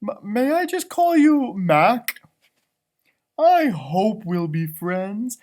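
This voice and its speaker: A man voicing a friendly, chatty female dog who talks slowly and gently. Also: high voice, sing-song, exaggerated voice. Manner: slow, gentle, apologetic.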